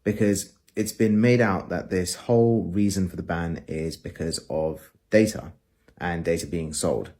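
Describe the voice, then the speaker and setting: Deep-voiced man making a pointed argument. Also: steady tone, unhurried, mellow. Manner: questioning, argumentative. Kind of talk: opinion talk to camera.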